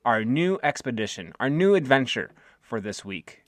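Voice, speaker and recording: A Midwestern man co-hosting a casual podcast with dry, teasing banter. His pitch moves around a lot as he jokes, sitting in the middle of the range for a man. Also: sing-song, normal speed. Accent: Midwestern American. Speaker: podcast co-host.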